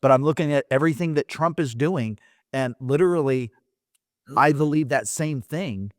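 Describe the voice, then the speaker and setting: A man's voice: medium pitch, moderate pace, no room sound, studio quality. A man in casual chat, speaking emphatically and insistently about his beliefs.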